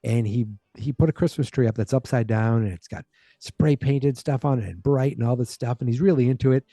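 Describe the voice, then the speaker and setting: A man hosting a podcast, casually recapping a sitcom episode in a rambling way and jumping into a higher voice to quote the characters. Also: brisk, mellow, no room sound. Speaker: podcast host.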